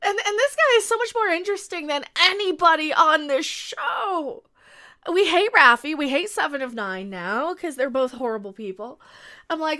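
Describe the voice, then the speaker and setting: Bright, high-voiced sarcastic woman. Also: normal speed. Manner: animated, sarcastic, laughs often. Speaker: show recap host. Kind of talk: casual livestream recap chat.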